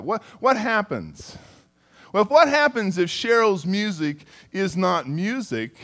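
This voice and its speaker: A middle-aged pastor with a high-pitched, fairly bright voice preaches a sermon conversationally, addressing listeners by name and often repeating words.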